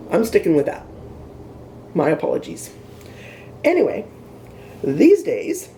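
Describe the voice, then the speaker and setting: A woman's voice: on the low side, creaky, dark tone, slight background noise. A woman hosting a casual cooking demonstration in her home kitchen, chatting and joking at her own expense while she works. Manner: chatty and self-deprecating, talks while cooking. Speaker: cooking show host.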